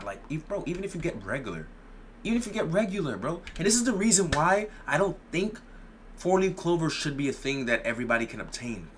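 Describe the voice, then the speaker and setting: A man's voice: medium pitch, fairly bright tone, slight background noise. A young man giving casual gameplay commentary, playful and boastful, full of slang and repeated phrases. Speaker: gaming YouTuber.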